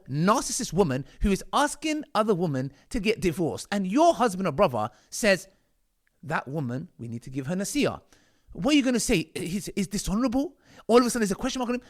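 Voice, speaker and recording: A man from the UK with a combative, mocking manner, commenting on video clips of his critics. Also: high-pitched. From United Kingdom. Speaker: online commentator.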